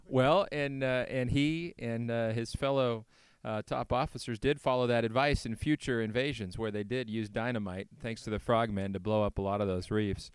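A man interviewing a veteran, asking measured, prepared questions. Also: medium pitch, fairly even intonation, clear, resonant tone, no echo. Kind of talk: oral history interview.

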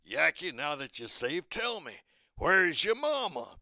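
A man in his nineties voicing a big, gruff, protective male cartoon bulldog who talks in a booming, bossy way. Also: very animated, unhurried, sharp tone, exaggerated voice. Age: 90s.

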